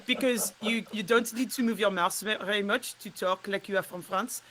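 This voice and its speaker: Bright-voiced woman chatting. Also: medium pitch, normal speed, slight background noise, poor audio. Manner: animated, laughs often. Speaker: guest. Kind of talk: casual chat about accent work.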